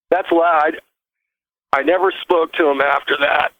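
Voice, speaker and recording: Man, call-in caller, rambling and halting, tinny dry phone line. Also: a little high, no echo. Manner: rambling, halting with many restarts and fillers. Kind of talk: casual call-in storytelling.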